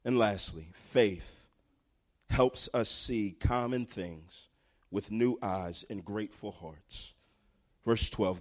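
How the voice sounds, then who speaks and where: A man's voice: lowish voice, slow. Emphatic male preacher. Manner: emphatic, builds in intensity. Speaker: pastor. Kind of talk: sermon.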